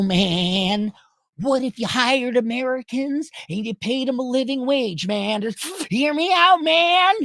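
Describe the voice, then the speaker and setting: A man's voice: very high-pitched, animated, takes it slowly, fairly bright tone, no room sound, studio quality. A man hosting a show, delivering a profane, sarcastic ranting monologue. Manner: sarcastic, swears a lot. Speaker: podcast host.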